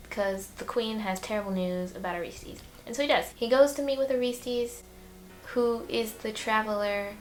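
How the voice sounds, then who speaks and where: A young woman giving a casual summary lesson, chatty and irreverent, with slangy jokes and quick asides. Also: fairly high pitch. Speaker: educational video host.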